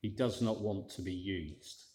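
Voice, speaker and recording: A man's voice: sits low, measured pace, darkish tone, roomy sound. A man preaching a sermon in a conversational way, with dry, wry asides.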